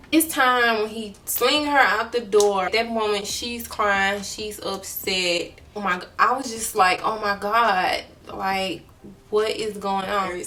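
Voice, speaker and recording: Bright-voiced woman telling a story. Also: mid-range voice, distant mic, a little hiss or hum. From Mobile, Alabama. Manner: earnest, emotional retelling, addresses viewers as y'all. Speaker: vlogger. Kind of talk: storytime vlog.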